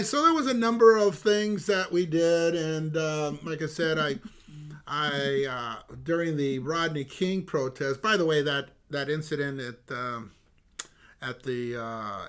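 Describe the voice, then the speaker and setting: An older man, a retired detective, telling stories in an interview. He is animated, laughs often and stops to restart with many fillers. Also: medium pitch. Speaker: retired homicide detective, guest. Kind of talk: animated anecdotal storytelling.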